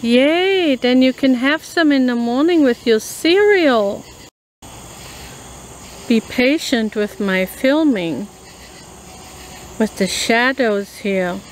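A woman, chatting casually as a food review vlogger and slowly reading a product label aloud. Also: a little high, slight background noise, poor audio. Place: outdoors in a rural yard at night.

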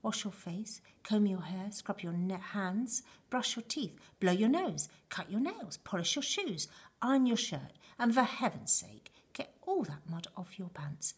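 A woman reading aloud and voicing an overjoyed old grandfather who shouts with excitement, in a husky voice. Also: mid-range voice, a little slow. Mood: excited. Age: older.

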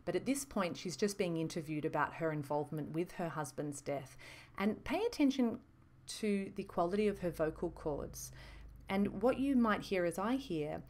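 A woman talks through a lesson on voices, measured and explanatory, often slowing down to stress a point. Her voice is slightly low for a woman. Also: animated, darkish tone. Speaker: voice instructor. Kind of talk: reflective teaching monologue.

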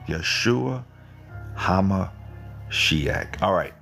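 Gravelly deep-voiced man teaching casually. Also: animated, unhurried, a bit bright, faint music behind. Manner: rambling and repetitive, with emphatic pitch jumps. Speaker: online channel host. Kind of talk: informal live Bible teaching.

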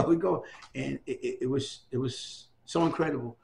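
A man's voice: medium pitch, moderate pace, vocal fry, slight background noise. An older man from New City, telling stories in an oral history interview and acting out the voices of people he quotes. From New York City. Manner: animated storyteller, acts out quoted voices.

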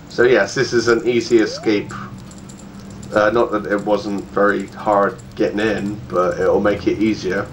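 A man giving casual, playful let's-play commentary, chatty and quick to laugh. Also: on the low side, level tone, slight background noise, low-quality recording. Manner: chatty, playful, laughs often and puts on silly voices.

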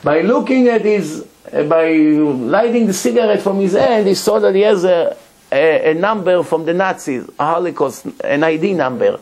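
A man's voice: sits high, animated, moderate pace, a little mellow. A man, a rabbi giving a Torah lecture, telling a story emphatically and repeating words for effect.

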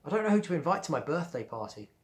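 A man's voice: fairly high pitch, very animated, fast talker. A man reading as a shy schoolgirl. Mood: timid. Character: shy timid schoolgirl with a crush.

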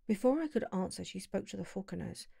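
A woman narrating an audiobook in a calm, measured storytelling voice on a close mic. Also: medium pitch, gravelly, slightly rough, no echo.

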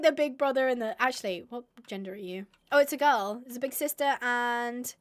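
Young female streamer, high-pitched, excitable, casual live chatter with squealing bursts. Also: moderate pace, few pauses. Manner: excitable, squealing bursts, reads chat aloud.

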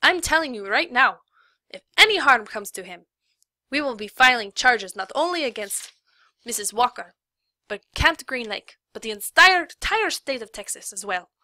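A woman voicing a short, fiercely protective female lawyer with a Mexican accent, speaking loudly and indignantly. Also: fairly high pitch, fast talker, hardly any pauses, no room sound, studio quality. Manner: loud, indignant, sharp.

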